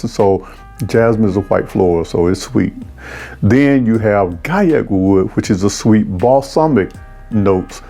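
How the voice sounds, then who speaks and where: A man's voice: on the low side, darkish tone. A man casually reviewing fragrances, effusive and savoring each note with exclamations.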